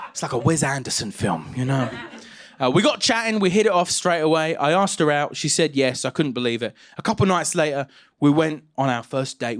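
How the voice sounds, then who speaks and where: A man, performing a stand-up comedy set on stage with animated storytelling and loud shouted punchlines. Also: on the high side, a little hiss or hum. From England. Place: comedy stage with a live audience.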